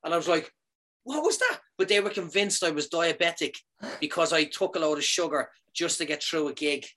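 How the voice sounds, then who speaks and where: Comedian guy in his 30s just chatting, lively stories, voice jumps way up when he quotes people. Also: a little fast. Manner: animated storyteller, jumps high for quoted lines. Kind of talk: casual chat.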